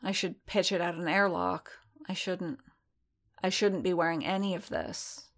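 A woman voicing a conflicted male armored warrior in a storybook reading, speaking in a subdued, measured way. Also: fairly low pitch. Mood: troubled.

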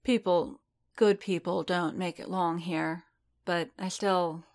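A woman's voice: lowish voice, steady tone, slow, a little mellow. A woman voicing a blunt, wary alien dancer. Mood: grieving. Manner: blunt and wry, trailing off.

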